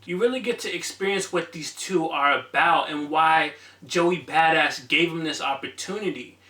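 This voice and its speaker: A man's voice: a little high, moderate pace, bright, forceful tone, far from the mic. A man reviewing an album for his channel in a casual, enthusiastic, conversational way. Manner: enthusiastic, conversational, some fillers. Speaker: music reviewer, channel host. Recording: echoey room, voice a bit off-mic.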